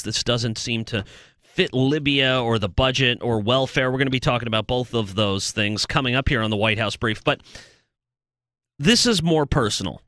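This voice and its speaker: A man's voice: mid-range voice, dry recording, clean studio sound. A man hosting a political commentary show, delivering an opinionated, sarcastic monologue. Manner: animated, sarcastic, mocks with loud put-on shouting.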